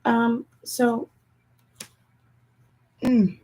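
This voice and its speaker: A young woman tarot reader chatting casually with viewers in a hushed, half-whispered voice, often calling out to them directly. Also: on the high side, flat delivery, very slow, low-quality recording. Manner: chatty, keeps addressing viewers as "you guys". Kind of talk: casual livestream tarot chat.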